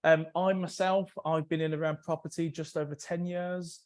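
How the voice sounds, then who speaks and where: A man's voice: on the high side, little pitch movement, normal speed. A man speaking as a guest on a webinar over a video call, with an enthusiastic, upbeat manner. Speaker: guest speaker, sales manager. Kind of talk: self-introduction on a webinar.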